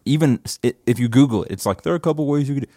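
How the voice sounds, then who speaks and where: A man hosting a casual podcast chat from a church office, laid-back and self-deprecating, often trailing off into quiet asides. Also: medium pitch, racing, no echo, clean studio sound. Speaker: podcast host.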